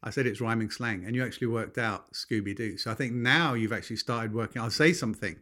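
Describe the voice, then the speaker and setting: A man, co-hosting a casual podcast chat, explaining things in a chatty way and quick to laugh. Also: mid-range voice, sharp tone. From England. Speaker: podcast co-host.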